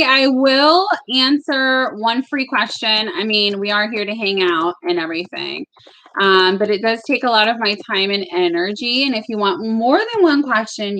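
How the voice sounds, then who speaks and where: A young woman hosting a casual tarot live stream from her bedroom, bubbly and quick to laugh, greeting viewers by name. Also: on the high side, pushed and bright.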